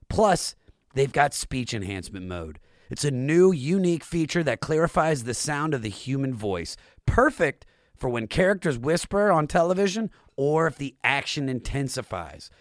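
A man's voice: fairly high pitch, dry recording, studio quality. A man hosting a podcast, chatty and enthusiastic, with jokey asides and a host-read ad. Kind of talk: casual interview chat and host-read ad.

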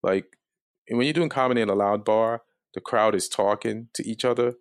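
A man with a low voice tells a story casually. His delivery is calm and mostly monotone, and the sound is dry and close. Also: moderate pace, no room sound. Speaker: comedian guest.

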